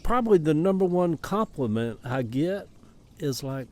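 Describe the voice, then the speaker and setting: Southern American man in his seventies, rambling folksy storyteller, animated voice, faint outdoor air behind, phone recording. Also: a little high, moderate pace, a little hiss or hum. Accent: Southern American, Atlanta Cabbagetown dialect. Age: 70s. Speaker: social media storyteller. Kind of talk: casual vlog monologue. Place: outdoors in a backyard garden.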